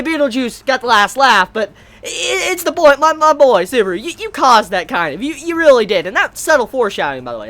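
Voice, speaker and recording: A woman in her twenties talking through an anime episode in a casual, animated way, swearing freely and repeating herself as she gets worked up. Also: a little high. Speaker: anime reviewer. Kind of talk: casual video commentary.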